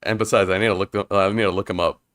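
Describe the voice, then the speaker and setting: A man's voice: low-pitched, steady tone, rapid-fire, fairly bright tone, no echo, studio quality. A man streaming a visual novel, reading the dialogue aloud and putting on playful voices for the characters. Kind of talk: casual let's-play reading with voices.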